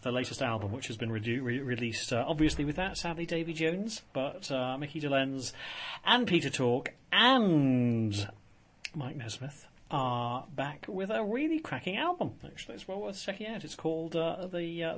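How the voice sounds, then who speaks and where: A man's voice: a little high, sing-song, moderate pace, fairly bright tone. A man presenting a casual radio chat show in a studio, rambling with many fillers and restarts. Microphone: studio microphone.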